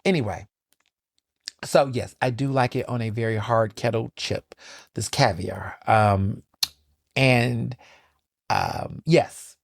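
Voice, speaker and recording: Male podcast host, animated and sassy solo chat, mid-range voice, dry close mic. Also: slow pace, creaky, pauses often, dry recording. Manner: animated, sassy, swoops into high pitch for emphasis.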